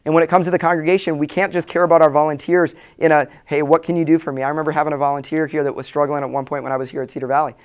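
A pastor addresses church leaders in a room, his voice clear and a touch higher than most men's. He talks in an earnest, plain way and repeats his main points for weight. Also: flat delivery, very fast, hardly any pauses. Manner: earnest, plain-spoken, repeats key lines for emphasis. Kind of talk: conference talk to church leaders. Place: room with a live audience.

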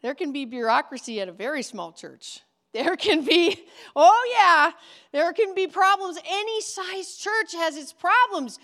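A woman's voice: very high voice, lively intonation, unhurried, fairly bright tone. A woman giving an earnest, emphatic teaching talk to children's pastors in a conversational way. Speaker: ministry trainer for children's pastors.

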